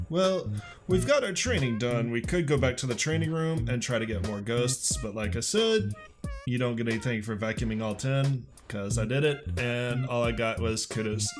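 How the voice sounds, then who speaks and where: A man hosting a let's play who gives wry, joking commentary in an easy, middle-pitched voice. His delivery stays laid-back, and game music plays behind him. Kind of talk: casual gameplay commentary.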